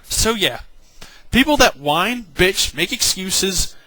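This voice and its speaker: A man's voice: sits high, very animated, takes it slowly, sharp tone, no echo, low-quality recording. A young man giving an angry, exasperated rant about an online game, swearing and mocking other players with sarcasm. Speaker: gaming vlogger.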